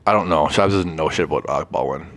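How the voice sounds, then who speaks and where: A man's voice: rumbling low, fast talker, fairly bright tone. A young man co-hosting a podcast, chatting loosely and crudely with friends. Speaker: podcast co-host. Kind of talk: casual chat.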